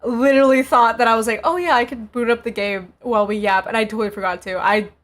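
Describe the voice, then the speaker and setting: A woman's voice: on the high side, steady tone, fast talker, a bit bright. A woman streamer chatting casually and laughing as she looks back on her old clips. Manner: laughing, reminiscing, slangy.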